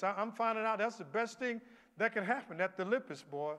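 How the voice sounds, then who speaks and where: High-pitched male preacher, church sermon, quiet storytelling rising to shouts; echoing sanctuary. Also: expressive, brisk. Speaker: pastor. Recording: long hall reverb.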